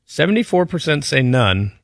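A man's voice: a little high, very animated, moderate pace, vocal fry, fairly bright tone, no echo. A man on the studio crew of a sports radio show, easygoing as he reads results and explains things. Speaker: show producer. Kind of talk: studio banter.

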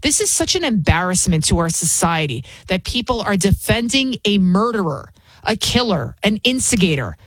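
A woman's voice: medium pitch, sing-song, normal speed, no room sound, poor audio. A woman hosts a political opinion show, sounding heated and openly scornful. The recording is dry and close, with no room sound around her voice. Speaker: political commentary host. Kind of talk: opinion commentary.

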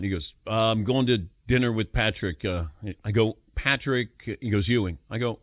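A man's voice: lowish voice, moderate pace, few pauses, no echo, clean studio sound. A man hosting a sports call-in radio show, telling stories with chuckles and taking calls. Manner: animated storyteller, chuckles while telling.

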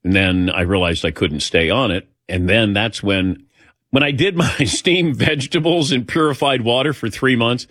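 A man's voice: mid-range voice, moderate pace, a bit bright, dry recording, clean studio sound. A middle-aged man hosting a talk show, telling a personal story in a rambling, anecdotal way and acting out the dialogue.

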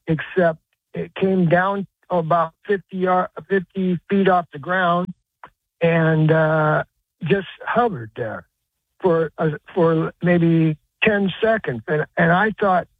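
A man calling in to a radio show, telling a personal story in a halting, rambling way with lots of restarts. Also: on the high side, dry recording. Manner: rambling, halting, many uh's and restarts, earnest. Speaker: caller. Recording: tinny phone line.

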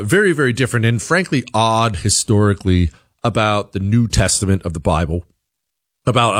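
A middle-aged man delivering an opinion monologue as a commentator, animated and leaping up in pitch when he quotes others. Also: no echo, studio quality. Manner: animated, jumps high in pitch for quoted voices.

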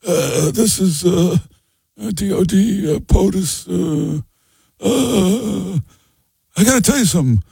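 A man's voice: high-pitched, slow, creaky, mellow, breathy edge, no room sound, voice pushed up, exaggerated voice. A man doing a mocking impression of a forgetful old politician, stumbling over fillers in a raised voice.

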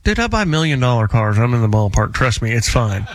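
A man hosting a call-in radio show, teasing and haggling with a caller in a brash, loud way. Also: mid-range voice, big pitch swings, a little fast, dry recording. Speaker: radio show host, car buyer.

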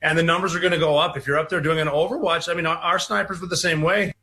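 A man speaking as a veteran guest in an interview clip, earnest and halting. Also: fairly high pitch, fairly even intonation, pushed and bright.

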